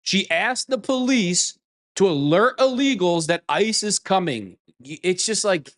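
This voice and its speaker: A man's voice: high voice, lively intonation, unhurried, a bit bright. A man hosting a political commentary show, reacting to clips in a scornful, mocking way and swearing.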